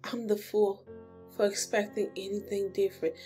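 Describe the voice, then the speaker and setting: A woman's voice: medium pitch, level tone, moderate pace, dark tone, faint music behind, natural voice. A woman reading as a wounded, self-pitying young empress.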